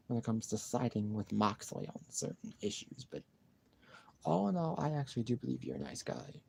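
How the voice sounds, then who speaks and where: Gravelly-voiced man rambling on a live stream. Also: mid-range voice, huge pitch swings, brisk, darkish tone. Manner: rambling, repeats himself, sighs. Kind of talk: casual live-stream chat.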